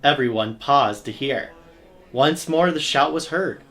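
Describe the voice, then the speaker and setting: A man giving scripted documentary narration for a history channel, in a steady, measured storytelling delivery. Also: medium pitch, faint music behind.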